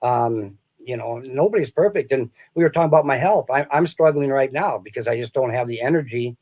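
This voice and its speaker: A man's voice: medium pitch, fairly quick, a little mellow. Rambling, laughing man telling stories. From small-town American Midwest. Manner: rambling storyteller, laughs often, restarts sentences. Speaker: guest, sales author. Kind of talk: casual interview chat.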